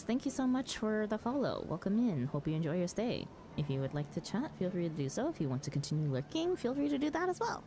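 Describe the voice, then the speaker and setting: Giggly woman streamer with a lively voice. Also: lowish voice, slight background noise. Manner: giggly, casual, swears mildly, talks to chat. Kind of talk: live game stream commentary.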